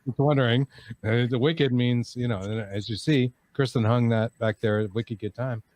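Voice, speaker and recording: A man's voice: medium pitch, fairly even intonation, normal speed, a little mellow, dry recording. A man with a New England accent hosting a podcast, talking in an easygoing, rambling way. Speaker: host. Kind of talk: casual podcast chat.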